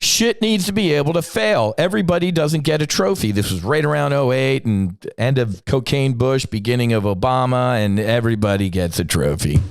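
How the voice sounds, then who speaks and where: A man's voice: mid-range voice, moderate pace, vocal fry, few pauses, smooth, no echo, studio quality. A middle-aged man hosting a podcast, delivering a blunt, profane, combative rant with sudden emphatic bursts. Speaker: podcast host.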